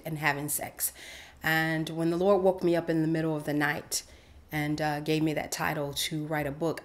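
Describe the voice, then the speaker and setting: A woman host telling a personal faith story in a casual, animated way with many fillers. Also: low voice. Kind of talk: personal testimony.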